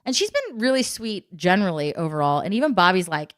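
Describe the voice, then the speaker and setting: A woman's voice: lowish voice, brisk. Laughing, chatty woman co-host. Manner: laughs often, animated storytelling. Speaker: podcast co-host. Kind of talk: casual chat.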